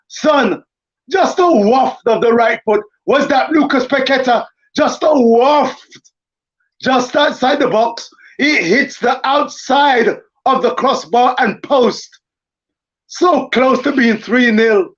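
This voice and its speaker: Casting: man, very high-pitched, unhurried, dramatic football commentator, dull lo-fi mic. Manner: theatrical, exclamatory, self-aware commentary. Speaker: watchalong commentator. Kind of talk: excited live football commentary.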